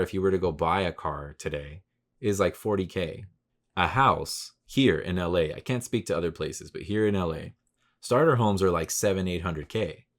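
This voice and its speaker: A man in his thirties with a low, deep voice, hosting a solo podcast in a loose, rambling way. He swears freely, talks in slang, and gets loud and worked up when he rants. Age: 30s. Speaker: podcast host. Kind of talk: casual solo podcast monologue.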